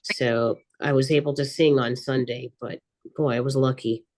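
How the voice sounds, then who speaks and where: Hoarse sick woman with a very low voice. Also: steady tone, moderate pace, darkish tone. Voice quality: husky, smoker-like voice. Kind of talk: remote public meeting.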